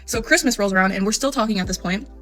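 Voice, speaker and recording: A woman in her twenties telling a casual storytime, chatty and animated, acting out her own texts. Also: mid-range voice, fast talker. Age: 20s. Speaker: storytime vlogger.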